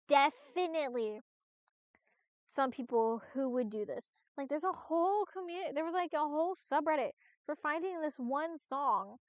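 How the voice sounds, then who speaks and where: A woman's voice: high-pitched, dry recording. A woman streamer chatting casually on a live stream, rambling with lots of restarts and fillers and the odd swear. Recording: dull, lo-fi, dry stream audio.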